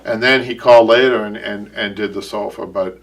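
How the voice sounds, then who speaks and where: The host of a live upholstery show, who owns the shop, speaks with a Boston accent in a lowish, steady voice, a little fast. His casual live-stream talk rambles with restarts and repeated words, captured from a distance with slight background noise.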